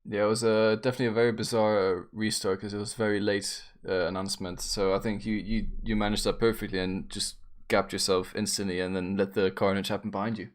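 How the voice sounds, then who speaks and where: A man hosting a casual post-race interview, relaxed and chatty with many fillers. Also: lowish voice, fast talker, few pauses. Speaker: host and interviewer.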